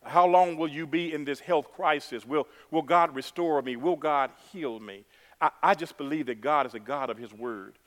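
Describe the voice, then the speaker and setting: A man's voice: a little high, normal speed, fairly bright tone, long reverb tail. A man preaching a sermon, repeating words for emphasis and calling the congregation "y'all".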